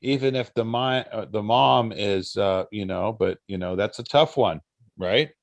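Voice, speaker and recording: A man's voice: lowish voice, unhurried, vocal fry, dry recording. A man in a casual group discussion, speaking matter-of-factly as he gives advice. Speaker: meeting participant.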